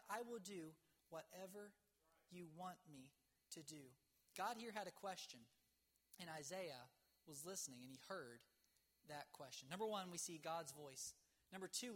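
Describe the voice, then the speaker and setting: A middle-aged man preaching a folksy, earnest sermon in numbered points, full of rhetorical questions, and dropping low and slow on key words. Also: fairly bright tone. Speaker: pastor.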